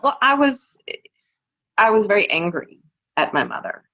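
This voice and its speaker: A woman's voice: mid-range voice, very animated, normal speed, bright, forceful tone, highs cut off. An American woman from California with a slight Southern drawl, speaking reflectively as an author guest on a video call, hesitant with many fillers and restarts. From California, USA. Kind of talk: reflective conversational talk.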